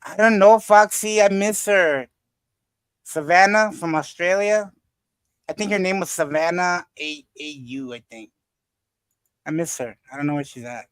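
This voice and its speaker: A man hosts a loose live panel chat in a slightly high voice. He rambles and often stops to search for names. His voice is dry and close. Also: measured pace, fairly bright tone, clear, resonant tone, no room sound. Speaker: livestream panel host. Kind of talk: casual chat.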